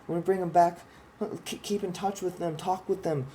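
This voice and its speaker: A vlogger with a mellow, high-sitting voice speaks at normal speed with fairly even intonation, a little hiss or hum audible. He rambles passionately and profanely about his ideas, restarting sentences and pointing to a drawing.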